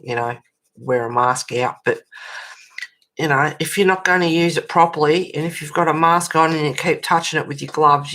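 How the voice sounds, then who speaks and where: A woman's voice: rumbling low, fairly bright tone. An Australian woman chatting bluntly while colouring on a livestream, ranting and swearing freely and reacting to chat messages.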